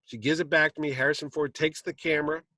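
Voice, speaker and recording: Man telling a lively anecdote. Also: fairly high pitch, fast, dry recording. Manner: lively anecdote, acting out quotes. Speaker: comic con panel host telling a story. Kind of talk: animated storytelling. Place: convention stage.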